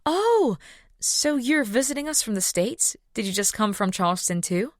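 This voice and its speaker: A woman's voice: a little high, sing-song, moderate pace, no echo, studio quality, pitched above the performer's own voice. A woman voicing a young female veterinarian who speaks in an eager, caring way. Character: young woman vet, eager, friendly and a little anxious.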